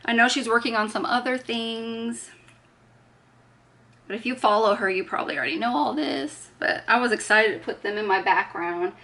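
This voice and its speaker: A woman's voice: fairly high pitch, normal speed, sharp tone. A woman chatting casually while she does her makeup, talking through each step and poking fun at herself. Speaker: beauty vlogger. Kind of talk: casual get-ready-with-me chat.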